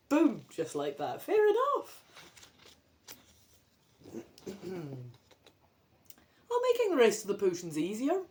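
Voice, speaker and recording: A woman with a Scottish accent reads a children's adventure book aloud in a casual way, rambling and chatty, dropping sweary asides. Her voice is medium-pitched and a little mellow.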